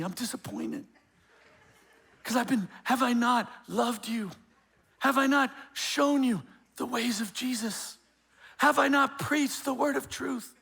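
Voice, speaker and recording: A preacher doing a smooth, menacing mob godfather who murmurs his threats slowly and softly. The voice sits high and bright, with a keen edge. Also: full character voice. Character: smooth menacing mob boss pastor, middle-aged man.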